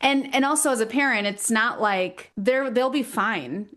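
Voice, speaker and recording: A woman's voice: on the high side, normal speed, a bit bright. A woman in her thirties co-hosts a casual parenting podcast. She talks in a reflective, empathetic way and often affirms the other host.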